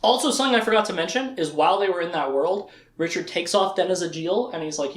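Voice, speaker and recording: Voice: medium pitch, expressive, quick pace, hardly any pauses. A lecturer giving a casual recap to a small audience, chatting, laughing often and acting out quotes. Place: room with a small live audience. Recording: echoey room.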